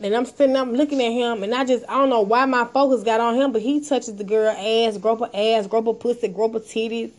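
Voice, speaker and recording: A woman hosting a live audio show, telling a story casually, profane and animated, acting out the dialogue. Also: a little high, fairly quick, hardly any pauses.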